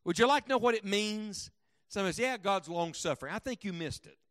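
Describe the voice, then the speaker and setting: A man preaching a sermon as a pastor, emphatic, asking the congregation questions, swinging from loud to hushed. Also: high-pitched, animated, fast, no room sound, clean studio sound.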